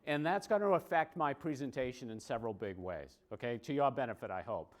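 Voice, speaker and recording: A man with a Boston accent giving a joking conference presentation, wry and self-mocking, often tagging his points with a quick check-in. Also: mid-range voice, lively intonation. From Boston, USA. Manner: wry, self-mocking, tags lines with "okay?".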